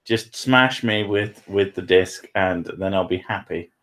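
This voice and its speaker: A southern English man with a low voice, hosting a stream in casual, joking, sweary banter. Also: measured pace, a bit bright. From southern England. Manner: swearing, self-mocking, joking. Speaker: streamer, show host.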